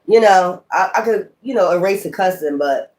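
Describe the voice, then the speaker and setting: A woman's voice: fairly low pitch, lively intonation, normal speed, darkish tone. A woman tarot reader talking straight to her viewers in a blunt, heated rant full of cursing. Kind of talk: casual profane rant to viewers.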